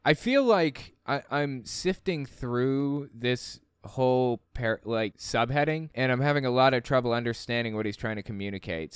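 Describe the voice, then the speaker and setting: A man's voice: medium pitch, fairly bright tone, clear, resonant tone, no room sound, clean studio sound. A man hosting a casual book commentary, reading passages aloud and reacting with incredulous, exasperated questions.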